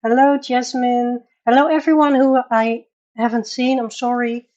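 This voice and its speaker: A woman's voice: fairly high pitch, fairly even intonation, moderate pace, darkish tone, highs cut off. A woman with a Dutch accent hosting a casual coloring livestream from her bedroom, chatting, laughing often and greeting viewers by name. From Netherlands. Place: home bedroom.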